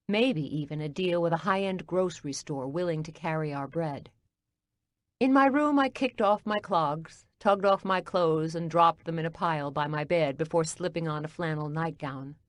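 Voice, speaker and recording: A woman reading a cozy mystery audiobook as narrator, in a calm, even storytelling manner. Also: sits low, no room sound, clean studio sound.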